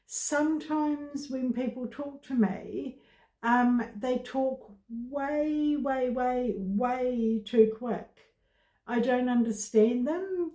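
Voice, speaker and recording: A woman vlogger talking to camera about her own experience, in slow, halting speech with many pauses and fillers. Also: sits high, dark tone, echoey room. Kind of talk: casual personal talk to camera.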